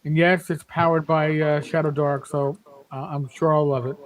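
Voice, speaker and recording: Fifties guy on a podcast panel, pretty high voice, stresses his points, restarts a lot. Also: level tone, moderate pace, low-quality recording. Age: 50s. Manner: emphatic, repeats words when starting. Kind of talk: casual podcast chat.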